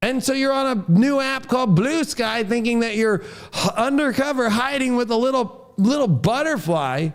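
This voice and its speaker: A man with a high-pitched voice delivers an astrology forecast as a fierce, expletive-heavy rant. He is a father and talks in a heated, combative way. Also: expressive, normal speed, few pauses. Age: adult, a father. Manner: heated, profane ranting.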